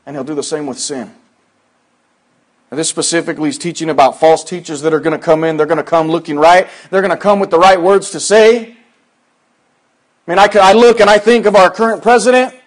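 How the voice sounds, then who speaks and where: High-voiced man preaching. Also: fairly even intonation, a little fast. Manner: swings from soft and low to loud, high exhortation; conversational, folksy preaching with asides. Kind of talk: sermon.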